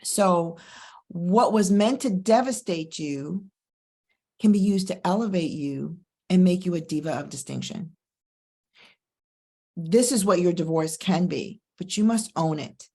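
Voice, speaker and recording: Middle-aged woman coach talking it up, low-ish voice, punchy slow emphasis on key lines. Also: animated, dark tone, husky. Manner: emphatic, preacher-like cadence with slow stressed phrases. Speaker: divorce coach, podcast host. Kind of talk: motivational monologue and personal story.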